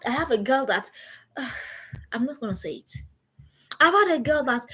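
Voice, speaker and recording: Middle-aged female parenting coach, breathy and a touch high, insistent and repetitive in delivery. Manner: emphatic, repeats key phrases as commands. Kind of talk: motivational seminar talk.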